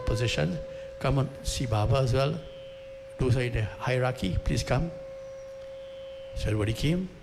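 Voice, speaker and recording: Man, earnest spiritual storyteller, mid pitch, heavy flute backing. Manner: earnest, repeating phrases for emphasis. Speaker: spiritual teacher. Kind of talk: devotional storytelling talk. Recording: loud flute music behind the voice.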